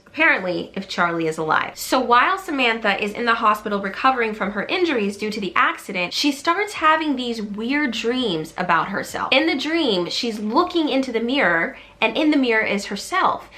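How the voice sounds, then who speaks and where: A woman recaps a film in a chatty storytime style. Her voice sits fairly high and rings bright and forceful, and she animates the tale by slipping into quoted lines. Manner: animated, acts out quotes with shifting pitch. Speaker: YouTuber retelling a movie.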